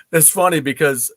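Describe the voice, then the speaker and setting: A man hosting a casual chat, relaxed, giving short replies and telling his own anecdote. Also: fairly high pitch, no room sound. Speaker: podcast host.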